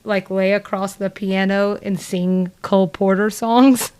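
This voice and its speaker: With a clear, resonant, slightly mellow voice of medium pitch, a podcast co-host with a Southern US accent talks casually, rambling with many fillers and laughs. Her tone stays steady and her pace a little slow.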